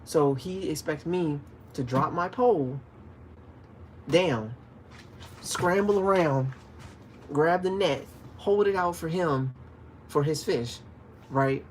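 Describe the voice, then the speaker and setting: A man hosts a relaxed fishing livestream, talking straight to his viewers in an easygoing way. He tells his stories with animation and sometimes bursts out with loud, acted shouts. A faint hiss of noise sits under his voice. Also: a little high, takes it slowly, pauses often. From DC, Maryland, Virginia area. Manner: animated storytelling, acts out shouted calls. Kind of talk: casual livestream chat, reading viewer comments.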